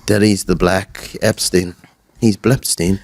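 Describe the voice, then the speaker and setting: A man's voice: sits low, steady tone, slow pace, a little mellow, no echo. A man co-hosting a podcast, teasing his friend and pushing his opinions with enthusiasm. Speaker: podcast co-host. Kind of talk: casual banter with a friend.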